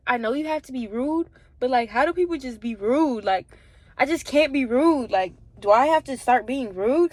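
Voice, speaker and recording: A young woman in her twenties chatting casually at the gym, animated and full of "like", acting out the people in her story. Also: high voice, dry recording. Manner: animated, acts out voices in quotes, frequent "like" and swearing. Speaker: vlogger.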